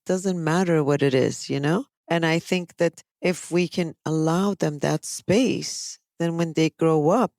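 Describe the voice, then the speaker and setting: In a casual podcast conversation, this woman, a psychologist and host, gives long explanations and livens up when quoting others. Her voice sits low, recorded without any room sound.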